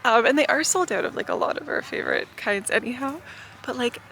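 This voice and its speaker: A woman from Canada chatting casually to the camera for her vlog, giggly and relaxed, first in a car and then out in an orchard. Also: a little high, a little fast, gravelly, slight background noise. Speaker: vlogger.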